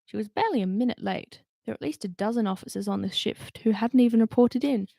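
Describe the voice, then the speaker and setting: A woman's voice: a little high, fast talker, creaky, dark tone, no echo, clean studio sound. A woman reading a novel aloud and doing voices for the characters, with chatty asides between passages. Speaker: reader.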